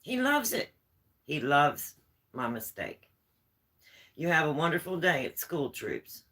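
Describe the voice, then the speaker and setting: A woman's voice: deep voice, big pitch swings, slow, fairly bright tone, low-quality recording. A woman vlogger chatting at home, telling homespun stories in a rambling, easygoing way. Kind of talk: casual storytelling chat.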